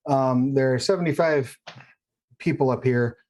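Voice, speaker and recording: A man acting as game master of a tabletop game, explaining rules and options patiently and in a measured way. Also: medium pitch, a little mellow. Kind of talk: running a tabletop game online.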